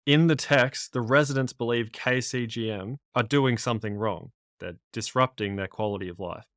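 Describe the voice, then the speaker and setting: A man's voice: medium pitch, normal speed, a bit bright, no echo, clean studio sound. Methodical man teaching a lesson. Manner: methodical, recaps and signposts each step. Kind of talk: lesson explaining exam concepts.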